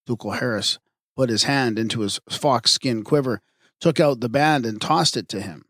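A man narrating an audiobook of myths in a measured, even reading. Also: medium pitch, dry recording, studio quality. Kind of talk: scripted narration.

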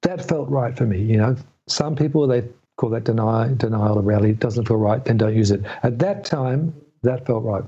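Middle-aged male guest, mellow and husky, rambling storyteller, dull lo-fi audio. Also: medium pitch. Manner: rambling, halting, many restarts. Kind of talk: storytelling in a podcast interview.

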